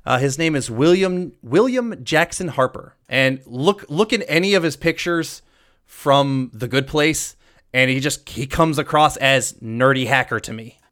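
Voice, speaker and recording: A man's voice: medium pitch, lively intonation, fairly bright tone. Man co-hosting a podcast, mid-range voice, eager and profane in casual chat. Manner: enthusiastic, swears freely, quick asides. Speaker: podcast co-host. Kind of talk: casual movie-recasting chat.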